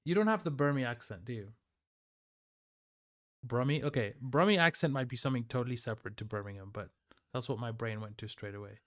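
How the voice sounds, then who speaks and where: Guy livestreaming, just chatting w chat, smooth clean voice, pretty middle pitch. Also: fast talker, fairly bright tone. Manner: loose and chatty, reads and answers chat aloud. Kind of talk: casual chat with live stream viewers.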